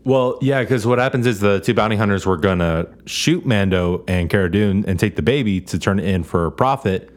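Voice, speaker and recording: A man's voice: on the low side, moderate pace, few pauses. A man co-hosting a podcast, recapping a show in casual chat with crude jokes. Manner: crude joking recap, mock voices. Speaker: podcast co-host.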